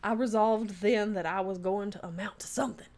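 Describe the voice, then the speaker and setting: A woman with a Southern accent voicing a proud older male Southern gentleman chef, talking in an earnest, grandiose way. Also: mid-range voice, fairly even intonation, a little fast, close to an everyday voice.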